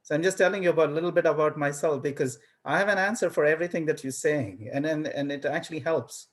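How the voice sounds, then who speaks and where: A man's voice: a little high, quick pace. A man teaching a university class in a casual lecture style, telling stories animatedly and acting out his own reactions, often repeating words as he starts a thought. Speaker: university professor.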